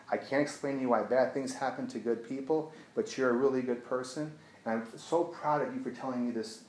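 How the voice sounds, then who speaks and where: Here a male addiction therapist shares a client story with an audience, earnest at first and then hushed as he retells it. The voice sits at medium pitch with fairly even intonation and a slightly fast pace, in a roomy, low-quality recording with slight background noise.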